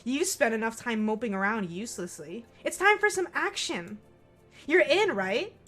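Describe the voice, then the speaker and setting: Putting on a game character, a woman plays a loud, domineering teen troll girl with a valley-girl lilt who pushes hard on each line. Her high, bright delivery is lively and swings widely in pitch at a moderate pace, over faint background music.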